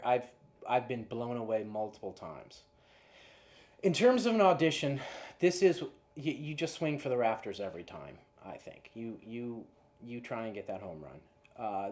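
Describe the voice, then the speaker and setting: A man's voice: on the low side, a little mellow. A man who works as a casting director, giving earnest audition advice to actors. He often restarts and repeats words as he talks.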